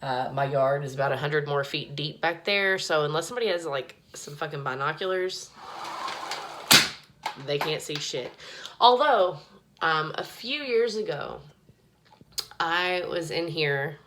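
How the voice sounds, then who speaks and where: A woman's voice: low-pitched, expressive, unhurried, pauses often, a bit bright. A woman rambling profanely in a casual chat to her phone camera from a small home bathroom, filling her talk with "like". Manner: rambling, profane, heavy use of "like". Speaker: vlogger. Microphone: phone held in hand.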